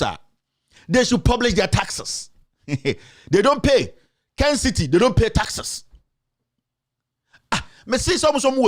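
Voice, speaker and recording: High-pitched Ghanaian man ranting. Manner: repetitive, accusatory, emphatic; mixes in another language. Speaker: commentator. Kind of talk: heated political rant.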